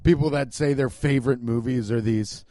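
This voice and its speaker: A man's voice: mid-range voice, moderate pace, dry recording, clean studio sound. A man hosting a podcast, riffing in a comedic rant, swearing often and laughing as he talks. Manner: profane, laughing, animated riffing. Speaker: podcast host.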